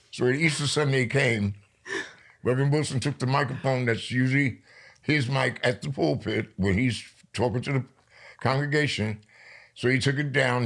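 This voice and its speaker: Older New York man, gravelly voice, lively storyteller guest on an interview show. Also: medium pitch. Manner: lively storyteller, slows down for emphasis. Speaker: poet guest.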